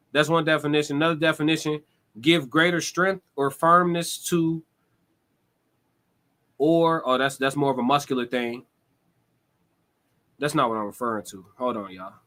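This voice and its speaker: A young man talks loosely and thoughtfully to his live chat. His voice sits a touch higher than most men's, and he drops casual curse words as he goes. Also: sharp tone. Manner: conversational, reflective, swears casually. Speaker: livestream host. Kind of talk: casual live-stream monologue.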